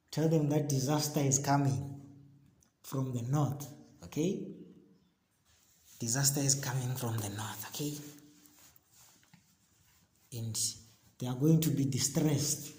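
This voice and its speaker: Slow-speaking man teaching the Bible. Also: medium pitch, mellow, reverberant. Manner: frequent "okay?" checks, rereading and paraphrasing scripture. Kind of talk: informal Bible study. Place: outdoors in a backyard.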